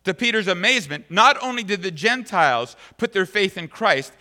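Male pastor, fairly high bright voice, emphatic sermon delivery with repeated phrases, long hall reverb. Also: big pitch swings, moderate pace, few pauses. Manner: emphatic preacher who repeats phrases for stress. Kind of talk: sermon with scripture reading.

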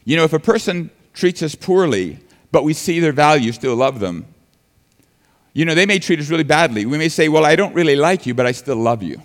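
A man's voice: a little high, expressive, a little fast, long reverb tail. A man preaching a sermon earnestly, building emphasis and sometimes restarting his words. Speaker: pastor.

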